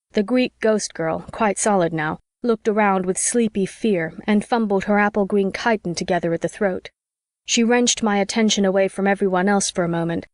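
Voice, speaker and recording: Woman, audiobook narrator, first-person storytelling, mid pitch, dry close recording. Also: a little mellow, no room sound.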